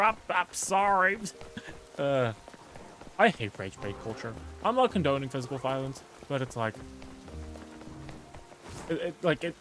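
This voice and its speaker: A man chatting casually while streaming a game, rambling and musing aloud with lots of filler words. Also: medium pitch.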